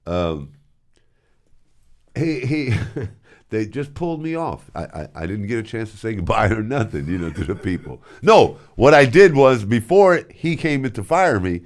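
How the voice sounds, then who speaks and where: Animated older man telling stories. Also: lowish voice, unhurried. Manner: animated storyteller doing voices and sound effects. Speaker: host, former radio DJ. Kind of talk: casual storytelling.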